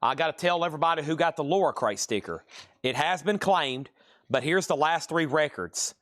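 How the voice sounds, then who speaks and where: A man hosting a live record sale stream, briskly rattling off prices and bidder names. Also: a little high, fairly bright tone, dry recording, studio quality. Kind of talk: live sales stream, calling bids.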